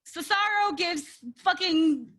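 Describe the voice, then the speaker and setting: A woman co-hosting a casual wrestling podcast, sassy and animated, swearing freely. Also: extremely high pitch, slow. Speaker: podcast co-host.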